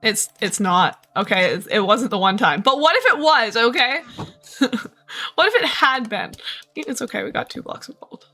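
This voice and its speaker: Bright, chatty woman streamer. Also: a little high, expressive, normal speed, soft background music. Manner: chatty, rambling, self-talking. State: tired, short on sleep. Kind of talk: casual gameplay commentary.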